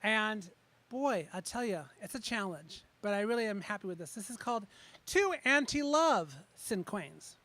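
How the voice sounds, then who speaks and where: A man with a high voice performs his poems live before a small audience at an open mic. His tone is bright and forward. He talks casually between pieces and leans hard on the words when he reads. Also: expressive, dry recording. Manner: chatty asides between pieces, slow emphatic reading of poems. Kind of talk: open mic poetry reading with spoken introductions.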